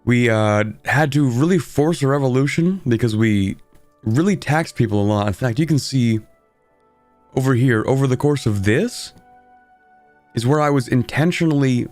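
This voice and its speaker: A man's voice: medium pitch, normal speed, darkish tone, soft background music. A young man streaming a strategy game, talking casually in a sleepy, rambling way while he explains his moves. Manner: sleepy, rambling, self-deprecating.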